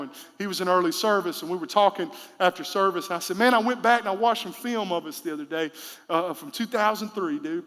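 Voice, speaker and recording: A male pastor, preaching a sermon in a conversational style with sudden loud, emphatic bursts. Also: fairly high pitch, big-room sound. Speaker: senior pastor. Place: church sanctuary.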